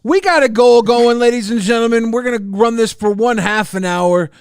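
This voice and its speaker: A man's voice: very high voice, normal speed, clean tone, dry recording, clean studio sound. A man on a streamed panel, mock-indignant and playful, urging the audience on. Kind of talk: casual chat.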